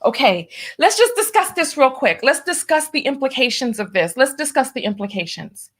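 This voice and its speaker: A woman's voice: sits high, very animated, moderate pace, fairly bright tone. Nervous woman stalling on a livestream. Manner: nervous, stalling, repeats herself; reads viewer comments and donations aloud. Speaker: livestream host. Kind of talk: casual livestream chat.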